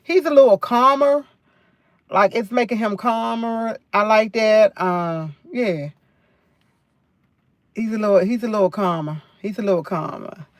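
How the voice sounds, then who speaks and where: A woman's voice: medium pitch, unhurried, no echo. Chatty New woman livestreaming. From New York. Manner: chatty, repeats phrases, rambling storytelling. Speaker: livestream host. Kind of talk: casual live chat.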